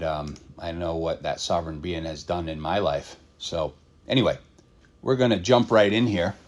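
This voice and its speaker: A man hosting a reaction show, pausing a video to comment in a blunt, fired-up, casual way, with some swearing and many fillers. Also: deep voice. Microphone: computer setup at a desk.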